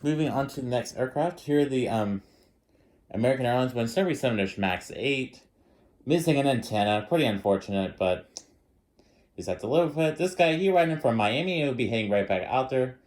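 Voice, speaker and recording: A man's voice: mid-range voice, lively intonation, a little fast, darkish tone. Young guy rambling about his models, lots of ums, casual chat from a room at home. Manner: rambling, many ums and restarts. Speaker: model airport hobbyist host. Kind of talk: casual hobby video narration. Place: dim indoor room at home.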